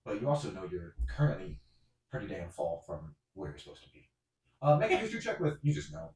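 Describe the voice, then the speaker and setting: A man's voice: lowish voice, wildly swooping pitch, fast, vocal fry, darkish tone. A man narrating as game master of a tabletop game, in a rambling way with many fillers. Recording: roomy echo.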